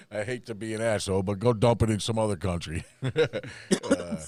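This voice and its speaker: A man in his fifties co-hosting a casual talk show, halting and full of fillers and repeated agreements. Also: lowish voice, darkish tone, dry recording. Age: 50s. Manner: halting, full of "you know" and repeated "yep". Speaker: co-host.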